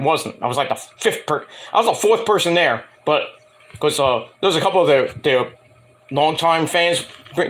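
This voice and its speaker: A man rambling casually to camera, swearing freely and acting out quoted people in higher voices. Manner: animated, profane, acts out quotes in higher voices. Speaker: wrestling and music vlogger.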